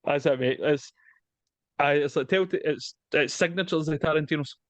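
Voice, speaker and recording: A man's voice: a little high, normal speed, dry recording. A man in casual, sweary film chat, rambling and dropping mate and aye, talking over a video call. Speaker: podcast co-host.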